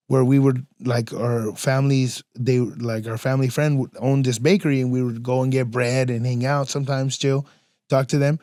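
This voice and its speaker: A podcast host with a mid-range voice speaks at a moderate pace in clean studio sound with no room echo. He tells stories in a casual, slangy, profane way, peppering his talk with "fool" and "dog" and animatedly acting out the voices of the people involved.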